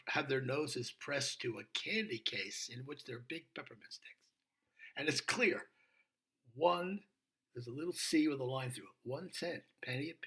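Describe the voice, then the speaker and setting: Older man, priest, bright forceful voice, storytelling, hushed at key moments. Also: mid-range voice. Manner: animated storyteller, drops to a hushed whisper for emphasis. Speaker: Episcopal priest. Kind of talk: retelling a story in a short video reflection.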